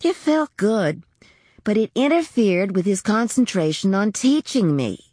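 A woman with a mid-range, mellow, sing-song voice reads at a measured pace, giving voice to a small-town teenager who dreams of driving trucks. It's a studio-quality recording with no echo, and she tells the girl's story in a plainspoken, blunt, chatty manner.

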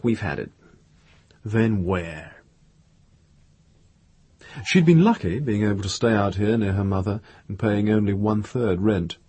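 A man narrating an audiobook in a low, husky voice. His reading is steady and measured, and the sound is close and dry. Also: no echo.

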